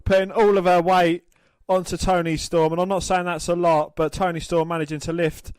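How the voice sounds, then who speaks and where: A man's voice: high-pitched, level tone, fairly quick, a little mellow, clear, resonant tone, dry recording. A man co-hosting a podcast, commenting on wrestling in a crude, joking way and swearing freely. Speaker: podcast co-host. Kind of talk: casual wrestling watch-along commentary.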